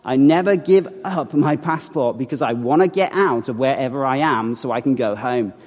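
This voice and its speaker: A man telling a personal faith story to an audience, animated, with acted-out quotes and wry asides. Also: medium pitch, normal speed. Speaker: speaker telling a testimony. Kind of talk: storytelling talk. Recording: long hall reverb.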